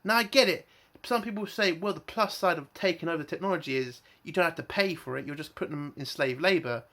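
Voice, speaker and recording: A man's voice: on the high side, fast talker, a bit bright. Exasperated man ranting. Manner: exasperated, swearing, emphatic rhetorical questions. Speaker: TV reviewer. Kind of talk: casual review rant.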